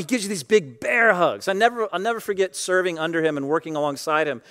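A man preaching a sermon in a conversational way, often saying "like", dropping to quiet asides and rising to loud, emphatic bursts. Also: high-pitched, lively intonation, quick pace, few pauses. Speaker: pastor.

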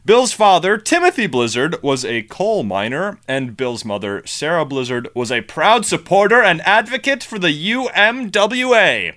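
A man's voice: a little high, big pitch swings, measured pace, few pauses, sharp tone. A man co-hosting a podcast, chatting about history with goofy puns. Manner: goofy, punning asides. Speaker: podcast co-host. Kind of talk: casual history chat.

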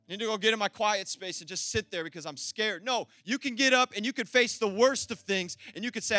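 A man preaching a sermon as pastor, animated and emphatic, calling out to the congregation for an amen. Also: very high voice, no room sound, studio quality.

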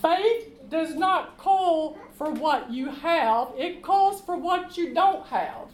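Woman preacher, high voice, slow and emphatic, echoey room with a little noise behind. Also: animated. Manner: slow, emphatic scripture reading with call-and-response. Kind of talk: sermon.

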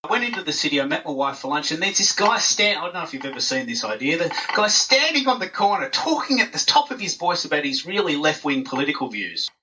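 A man chatting as an interview guest and telling animated stories. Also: a little high, fast, hardly any pauses. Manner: animated storyteller who acts out voices. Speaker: podcast guest. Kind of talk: casual interview chat. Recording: dull, distant recording.

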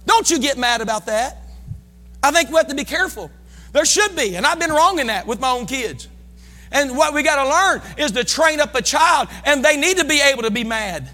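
A middle-aged man with a Midwestern American accent preaching a sermon as pastor, folksy, swinging between loud shouting and quiet asides. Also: very high-pitched, animated, fairly quick, faint music behind. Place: church sanctuary. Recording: long church reverb.

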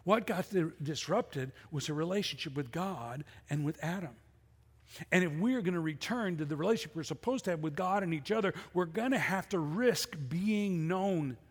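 A man's voice: fairly high pitch, expressive, normal speed, slightly rough, in a large hall. A middle-aged man preaching a sermon as pastor, conversational and full of rhetorical questions. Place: church sanctuary.

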